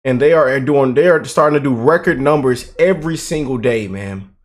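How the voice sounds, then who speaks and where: A man hosting a reaction video, talking to his viewers in an excitable, hyped way. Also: medium pitch, moderate pace. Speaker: host. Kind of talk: reaction commentary.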